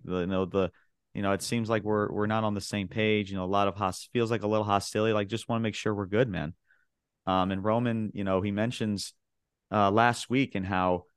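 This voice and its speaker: A man with a fairly low voice talks through a wrestling show in a loose, rambling way. He leans on filler words and slips into the voices of the people he quotes. The sound is dry and close. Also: smooth, no echo. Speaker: podcast co-host. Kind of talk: casual wrestling recap chat.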